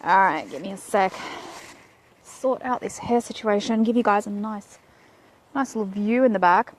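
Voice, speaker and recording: A woman's voice: mid-range voice, moderate pace, slight background noise. An Australian woman in her thirties, chatting playfully on a Facebook live stream while she walks outdoors, talking into a phone held at arm's length. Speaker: vlogger. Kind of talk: casual Facebook live chat. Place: outdoors in shade.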